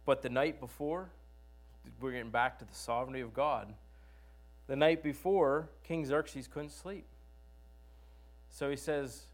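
Male preacher, chatty sermon storyteller, fond of rhetorical questions, higher-pitched voice. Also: unhurried. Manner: conversational, asks rhetorical questions.

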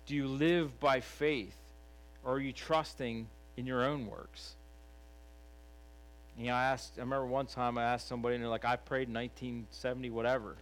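A middle-aged man delivers a sermon in an earnest, conversational tone. He talks plainly, like he is chatting with the congregation, and lifts his voice to stress key points. His pitch sits in an ordinary middle range, with a faint hum behind him. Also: fairly even intonation, moderate pace, long pauses, fairly bright tone, clean tone, poor audio. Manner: earnest, conversational preaching with emphatic rises. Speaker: preacher.

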